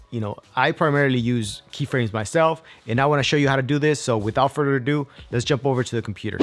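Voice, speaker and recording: A young man hosting a software tutorial in an upbeat, casual way, with fillers and restarts. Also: mid-range voice, no room sound. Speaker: video tutorial host.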